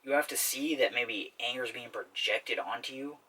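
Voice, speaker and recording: A man's voice: medium pitch, normal speed, bright, forceful tone, slightly rough, distant mic, low-quality recording. A man hosting a self-help talk in a casual explainer style, often checking in with "okay?". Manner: repetitive, keeps asking "okay?". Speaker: self-help video host.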